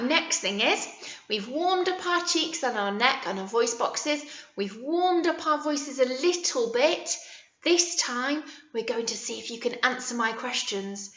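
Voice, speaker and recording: A woman talks in a high, lively voice. She leads a video lesson for small children, playful and coaxing. The recording is roomy and echoey, with a slightly muffled, dull sound. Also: unhurried. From England. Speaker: nursery teacher.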